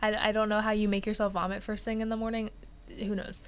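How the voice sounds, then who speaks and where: A young woman walks through a crime story in a relaxed, chatty way, full of "like" and "uh" as she pieces the facts together. Her voice sits at an ordinary middle pitch. She sounds like a podcast co-host talking with a friend. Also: quick pace. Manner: relaxed, filler-heavy telling with frequent "like" and "uh". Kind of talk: casual true crime storytelling.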